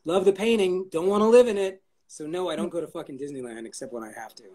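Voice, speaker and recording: Husky guy kinda high voice, rambly jokey interview guest, swears a lot. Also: quick pace, darkish tone. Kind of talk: casual interview chat.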